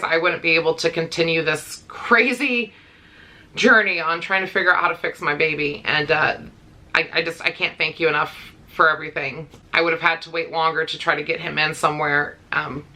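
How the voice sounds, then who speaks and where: Bright-voiced chatty woman vlogging. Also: sits low, steady tone, normal speed. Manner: chatty, rambling with fillers and little laughs. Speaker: pet vlogger. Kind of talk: casual talking-to-camera vlog.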